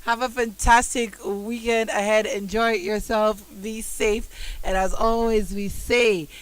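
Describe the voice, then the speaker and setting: A woman hosting a radio talk show, wrapping up the chat with brisk, easy sign-offs. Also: mid-range voice, fairly even intonation. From Kenya. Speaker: radio host. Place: radio studio.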